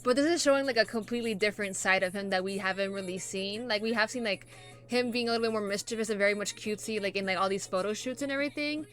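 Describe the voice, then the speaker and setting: A woman reacting casually to photos, rambling and full of fillers, gushing with excitement. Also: medium pitch, fast talker, soft background music. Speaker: K-pop reaction vlogger.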